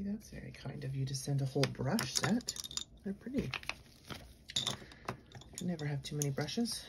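A woman vlogger narrating a casual unboxing at her desk, chatty and gushing, murmuring asides softly. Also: fairly low pitch, background noise. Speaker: nail art vlogger. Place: home nail studio desk.

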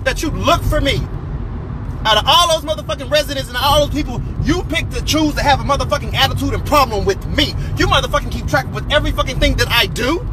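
High-voiced man ranting, heated and profane. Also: quick pace. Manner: heated, profane, repeats phrases for emphasis. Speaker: vlogger. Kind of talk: angry rant to camera. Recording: noisy outdoor street recording.

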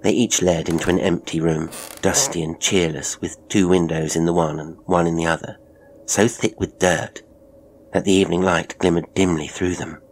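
Male narrator, deep and gravelly, measured and grave delivery. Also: steady tone, slight background noise. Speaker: audiobook narrator. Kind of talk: scripted narration of a Victorian story.

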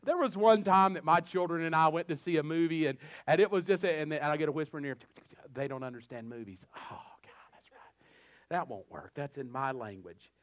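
A man with a Southern American accent preaching a sermon as a pastor, animated and repeating words as he builds a thought. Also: on the high side, fast talker, hardly any pauses, no room sound. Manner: animated, acts out little scenes and voices. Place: church.

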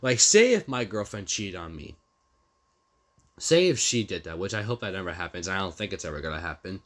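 A man's voice: low voice, big pitch swings, fairly quick, a bit bright. A young man vlogging casually, rambling and repeating himself with hesitant restarts as he talks through messages. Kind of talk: casual commentary reading out text messages.

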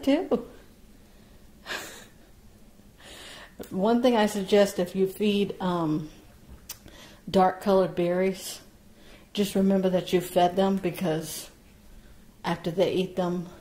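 A woman parrot breeder talking casually about her baby birds and gently coaxing them with sing-song encouragement. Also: medium pitch. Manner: slow, gentle, coaxing, with frequent laughs. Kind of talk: casual vlog narration and baby-talk to birds.

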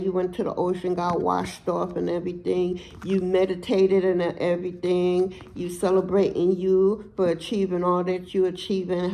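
A woman's voice: medium pitch, a little mellow, poor audio. Woman tarot reader, blunt and profane, emphatic casual delivery, mid-range voice.

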